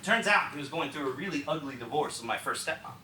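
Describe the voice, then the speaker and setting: Recorded at a distance in a roomy theatre with faint background noise, a young man from Texas, USA, performs a one-man show about his own life. He talks fast in a high, bright, lively voice, confiding in the audience as he goes.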